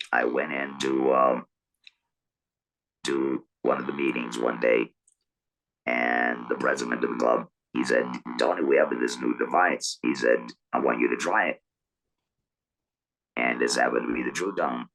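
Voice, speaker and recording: A man's voice: extremely low pitch, steady tone, a bit bright, rough recording. Man speaking through a buzzing electrolarynx. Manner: halting, many repeated words and restarts. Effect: electrolarynx buzz. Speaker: guest telling his story. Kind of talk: casual interview storytelling.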